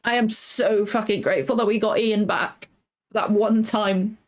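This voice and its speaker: A woman's voice: medium pitch, steady tone, unhurried. A woman hosting a reaction channel, chatting casually and rambling, correcting herself, close to tears. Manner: rambling, self-correcting, emotional. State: tearful. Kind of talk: casual recap chat.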